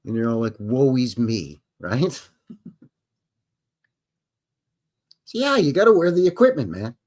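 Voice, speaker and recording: A man's voice: on the high side, wildly swooping pitch, a little slow, a little mellow. Rambling man hosting a livestream. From Canada. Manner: rambling, jokey, acts out voices. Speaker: livestream host. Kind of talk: casual livestream chat.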